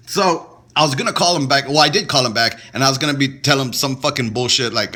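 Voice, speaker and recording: A man's voice: medium pitch, quick pace, few pauses. A man co-hosting a podcast, telling stories in casual, profane, laughing chat. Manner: profane, laughing, animated storyteller. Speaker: podcast co-host.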